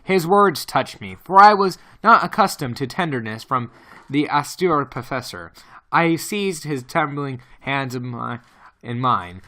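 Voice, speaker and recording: A man's voice: medium pitch, animated, measured pace, bright, forceful tone. A man reading a novel aloud as an amateur audiobook, stumbling often and correcting himself. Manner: reads with frequent stumbles and self-corrections.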